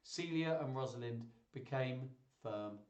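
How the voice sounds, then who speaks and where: A man's voice: medium pitch, measured pace, darkish tone. A man hosting a live stream, reading a children's story aloud with playful, chatty asides to his viewers. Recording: roomy echo.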